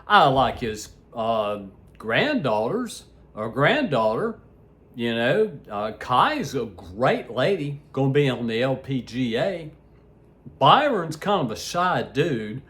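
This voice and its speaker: A man giving a heated, blunt political rant for his video blog, crude and laughing at his own jabs, shouting one moment and muttering the next. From United States. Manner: heated, swinging between shouts and low asides. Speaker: political vlogger. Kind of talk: ranting opinion vlog.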